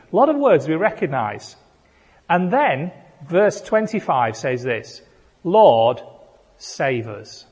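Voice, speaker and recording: A man's voice: fairly high pitch, slightly rough. A British man preaching a sermon, earnest and rising to fervent appeals. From Britain. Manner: earnest, building to fervent crying out. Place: church hall. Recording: long hall reverb.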